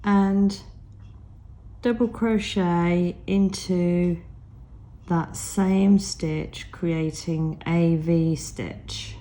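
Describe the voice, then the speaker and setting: A woman teaching crochet step by step, croaky from a cold, counting stitches aloud in a patient way. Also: fairly low pitch, steady tone, very slow, dark tone. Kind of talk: step-by-step craft tutorial.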